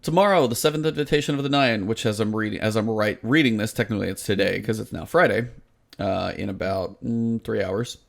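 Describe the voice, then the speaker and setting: A man's voice: lowish voice, a little fast, gravelly. A man co-hosting a gaming podcast in casual chat, sarcastic and exasperated as he picks apart game design. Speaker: podcast co-host.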